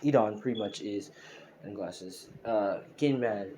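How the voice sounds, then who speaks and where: A man's voice: lowish voice, a little slow, warm tone, a little hiss or hum. A man casually retelling a fan-made story, rambling with lots of fillers and laughing at his own slips. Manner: rambling, full of fillers like "you know" and "pretty much".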